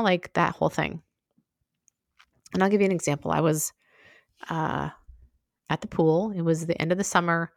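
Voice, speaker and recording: Female solo podcast host, lower register, candid conversational delivery, dry close-miked sound. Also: steady tone, moderate pace, creaky, pauses often, no echo. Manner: frank, conversational, full of asides.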